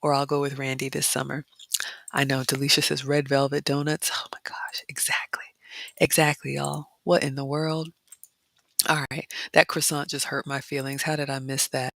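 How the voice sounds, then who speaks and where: A woman vlogger chatting casually and reading viewer comments, dropping into excited whispers. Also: rumbling low, moderate pace, creaky, dry recording. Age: adult mother. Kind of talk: casual chat narrating photos, reading live comments.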